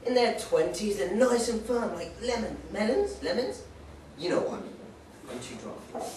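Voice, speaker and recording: A man's voice: high voice, animated, measured pace, a little mellow, slight background noise. Young male stand-up, rambling and playful; mic at a distance in a pub. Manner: rambling, joking, playful put-on voices. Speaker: stand-up comedian. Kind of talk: stand-up comedy set. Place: pub stage. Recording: echoey pub from far off.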